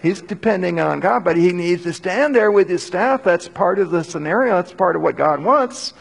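A man's voice: sits high, moderate pace, vocal fry, hardly any pauses, breathy edge. Older male preacher, conversational and earnest. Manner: conversational, animated bursts when urging. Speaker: pastor. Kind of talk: sermon. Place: church hall before a live audience.

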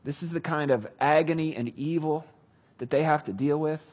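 A man retelling a Bible story with casual, animated commentary. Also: a little high, normal speed. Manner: animated, conversational. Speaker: Bible teacher.

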